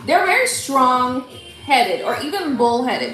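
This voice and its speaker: A middle-aged woman hosting a live tarot stream in loose, profane chat, laughing and greeting her viewers. Her voice sits high and swings widely, with a bright, sharp edge. The room is echoey, with faint music behind her. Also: sing-song, takes it slowly. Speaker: tarot reader livestream host.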